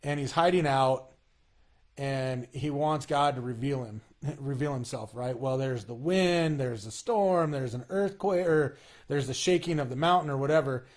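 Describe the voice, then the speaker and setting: Earnest man talking in halting restarts. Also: mid-range voice. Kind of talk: casual faith conversation.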